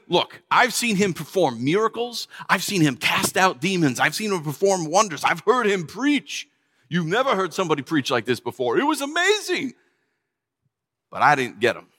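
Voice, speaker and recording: A man preaches a dramatic first-person sermon, speaking as a disciple in a playful, chatty manner. His voice sits high and bright and swings widely in pitch. A long reverb from a large hall trails every phrase. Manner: animated storytelling in character as a disciple, playful and chatty.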